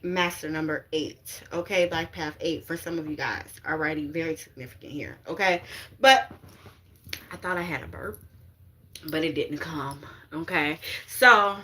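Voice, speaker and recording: A woman's voice: sits low, normal speed, bright, forceful tone. A woman spiritual reader talking casually and animatedly to viewers, swearing freely, laughing often and dropping in "you get what I'm saying" asides. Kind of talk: casual livestream talk.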